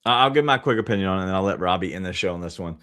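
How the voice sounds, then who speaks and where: A man hosting a casual sports betting show, blunt and brisk as he wraps up results. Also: low voice, animated, fairly bright tone. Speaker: show host.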